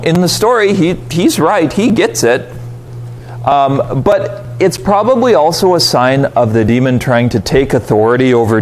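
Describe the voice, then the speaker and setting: A man leading a casual Bible study, talking conversationally, putting on quick voices for reactions and asking his listeners rhetorical questions. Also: a little hiss or hum. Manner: conversational, animated, voices quoted reactions with pitch jumps; asks the audience rhetorical questions.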